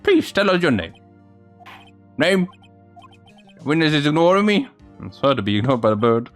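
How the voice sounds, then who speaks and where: A man's voice: on the high side, animated, normal speed, faint music behind, lightly acted. A man voicing a flustered elderly male judge in a courtroom game, hesitant and stammering.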